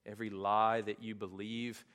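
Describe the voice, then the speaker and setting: A man preaching a sermon in a relaxed, conversational way, rising to emphatic peaks. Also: lowish voice, normal speed, clear, resonant tone. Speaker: pastor. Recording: long hall reverb.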